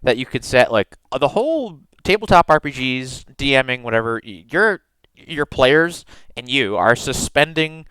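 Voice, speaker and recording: American man, podcast co-host, crisp bright voice, halting delivery, dry close sound. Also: medium pitch, very animated, no room sound, rough recording. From United States. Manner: halting, many restarts and laughs. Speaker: podcast co-host, game master. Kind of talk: casual podcast chat.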